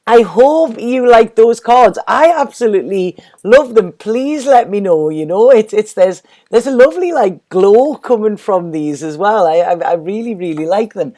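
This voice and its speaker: Woman tarot vlogger, mellow and relaxed, rambling, repeats herself, effusive and casual. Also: medium pitch. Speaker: tarot reader. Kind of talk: casual tarot reading vlog.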